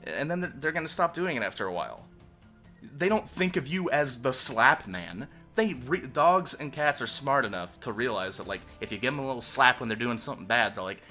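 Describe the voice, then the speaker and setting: A young man rambling through a crude storytime vlog in a bright, forceful voice. He sounds a little short of breath and swears freely, getting louder when he is worked up. Faint music sits in the background. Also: mid-range voice, a little fast. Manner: crude, profane and animated, swinging loud when worked up. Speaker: vlogger.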